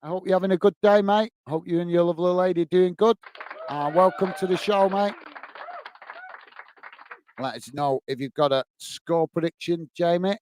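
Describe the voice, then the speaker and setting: A man's voice: high voice, moderate pace, a little mellow, a little hiss or hum. Chatty man hosting a football stream. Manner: chatty, friendly, frequent fillers and greetings to viewers. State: a bit out of breath. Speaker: football watch-along host. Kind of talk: casual live-stream chat reading viewer comments.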